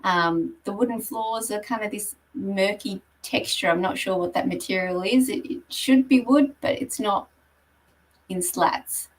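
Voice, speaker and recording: A woman's voice: mid-range voice, a little slow, distant mic, low-quality recording. A woman giving a conversational presentation on property marketing, explaining slides with frequent ums. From Australia. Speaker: guest speaker on property marketing.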